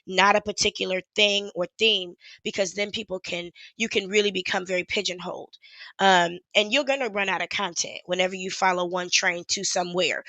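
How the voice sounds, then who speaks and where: Chatty woman YouTuber, bright dry voice. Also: mid-range voice, dry recording. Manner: chatty, rambling, frank with swearing. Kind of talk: casual livestream chat.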